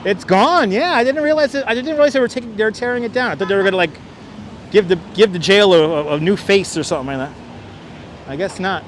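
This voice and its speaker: A man's voice: high voice, fast talker, a little hiss or hum. A man hosting a casual walking livestream outdoors on city streets, talking on a clip-on mic, restarting phrases and thanking viewers as he goes. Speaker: livestream host. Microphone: wireless clip-on mic.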